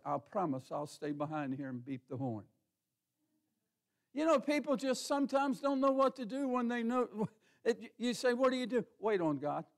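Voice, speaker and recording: A man's voice: sits high, vocal fry. A man pastor preaching a sermon in a church in a folksy, conversational way, asking the congregation questions and calling on members by name. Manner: colloquial, says ain't. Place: church sanctuary.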